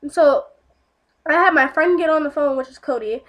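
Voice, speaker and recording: A woman's voice: high voice, moderate pace, a bit bright. A young woman telling a casual storytime vlog, rambling with lots of fillers and swearing.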